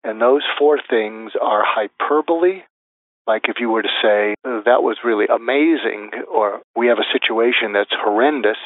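A man's voice: mid-range voice, normal speed, dry recording. A man talks through a method one step at a time, stopping to act out the phrases he would use. His voice comes through a narrow, phone-like line. The sound is dry, with no room around it. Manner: methodical, lists numbered steps, acts out example phrases. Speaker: guest expert. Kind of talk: interview answers, explaining step by step.

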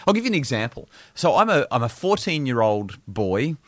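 A middle-aged Australian man talks as a parenting expert on a podcast, animating his stories with voices and laughter. His pitch roams widely and he sounds close and dry, with no room around him. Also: fairly quick, dry recording. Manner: animated storyteller, acts out scenes and laughs. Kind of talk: casual podcast chat.

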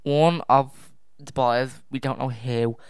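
Young true crime podcast host, casual and easily distracted, clear voice, dry home mic. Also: mid-range voice, fairly even intonation, takes it slowly, no echo. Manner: rambling, self-correcting, easily distracted; sighs and drops to a near whisper at times. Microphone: own podcast microphone.

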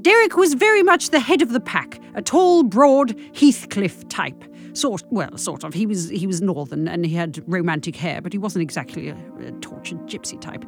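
A woman reading a comic monologue with dry, deadpan delivery. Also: lowish voice, a little fast, few pauses, soft background music. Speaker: comic storyteller.

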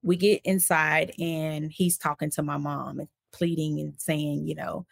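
A woman, an interview guest, recounting a personal story in a casual, animated way and acting out the voices of the people in it. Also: sits low, unhurried, vocal fry, few pauses. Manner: animated, acts out quoted voices while recounting events; casual, conversational phrasing.

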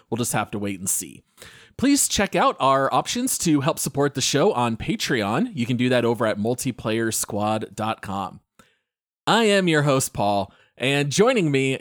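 A man's voice: on the high side, dry recording, studio quality. A man hosting a gaming podcast in casual chat, upbeat and joking as he introduces his co-hosts. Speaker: podcast host.

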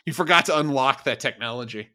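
A man co-hosting a podcast, recapping a TV episode in animated, laughing, profane casual chat. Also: mid-range voice, fast. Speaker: podcast co-host.

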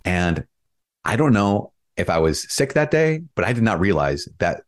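A Catholic priest speaks in an interview with a deep, low voice. He explains things earnestly and gets animated in his anecdotes, raising his voice when he imitates himself. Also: moderate pace. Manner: earnest, animated storytelling, mimics himself with raised voice. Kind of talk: conversational interview.

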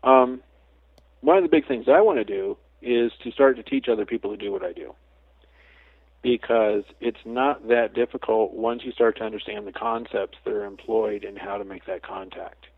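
A man talking as a guest psychic medium in a casual interview, a chatty storyteller who slips into lively quoted asides. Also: fairly low pitch, moderate pace, vocal fry, no room sound. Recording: tinny phone line, dry.

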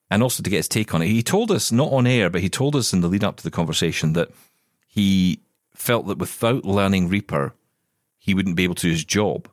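Chatty male co-host, low voice. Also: no echo, clean studio sound. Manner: animated, chuckling, rambling restarts. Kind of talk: casual radio chat.

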